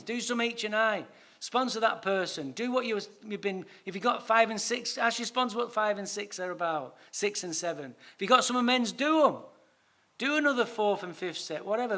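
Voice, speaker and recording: A man giving a recovery talk at a conference, telling a story with lively acted-out dialogue and casual swearing. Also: high voice. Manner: animated, swearing, acts out his own dialogue. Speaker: recovery speaker.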